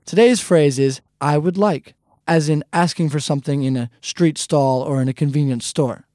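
Man, lesson host, high and mellow voice, patient step-by-step explaining, dry close studio sound. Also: normal speed, dry recording. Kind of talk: scripted lesson instruction.

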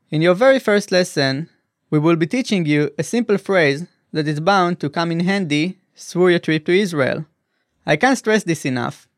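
A man teaching a language lesson in a scripted voice-over, speaking slowly and carefully sounding out each syllable. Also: on the high side, no room sound, clean studio sound. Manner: slow, careful enunciation of syllables.

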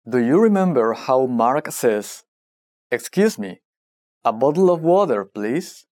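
A narrator running a scripted language lesson, prompting the listener and modelling each word slowly and deliberately. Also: medium pitch, expressive, a little mellow.

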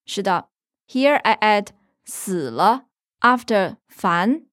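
A woman's voice: mid-range voice, animated, slow pace, a bit bright. A woman teaching on a language lesson podcast, patiently explaining and giving example sentences, recorded in a studio. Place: studio in Beijing.

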